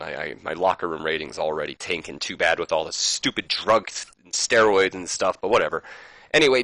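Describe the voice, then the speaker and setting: Brief: low-pitched man, bright tone, dry close mic, casual rambling game commentary. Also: no echo. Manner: rambling, self-amused asides. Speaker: gaming YouTuber.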